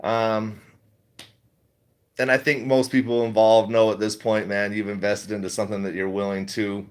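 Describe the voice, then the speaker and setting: A man's voice: on the low side, flat delivery, normal speed, smooth. A middle-aged man chatting casually on a livestream, reading chat, rambling and laughing often.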